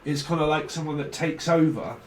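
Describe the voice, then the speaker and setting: A man's voice: fairly high pitch, a little fast, echoey room, distant mic, a little hiss or hum, poor audio. A man giving a casual tarot reading, rambling and blunt, swearing freely. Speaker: tarot reader.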